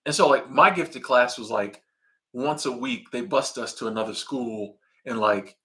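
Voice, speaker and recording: A man in his thirties chats on a casual live stream. His voice is bright and forward, and he talks in a laid-back, slangy, conversational way while he reacts to viewer comments. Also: medium pitch, measured pace. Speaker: channel host reading viewer comments.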